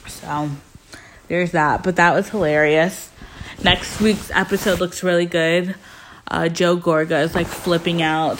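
A woman recapping reality TV in casual chat, acting out what people said and leaning on "like" as a filler. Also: lowish voice. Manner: animated storytelling, acting out quotes with "like" fillers.

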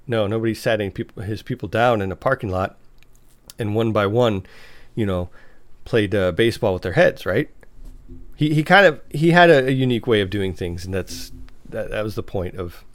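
A man casually recapping a TV episode, talking in a halting, chatty way with restarts. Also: fairly low pitch, expressive, dry recording.

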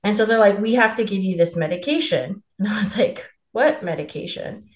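A woman's voice: medium pitch, a little fast, echoey room. Frank, swearing woman telling a story. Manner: candid and profane, laughing as she tells it. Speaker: podcast co-host. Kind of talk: casual storytelling chat.

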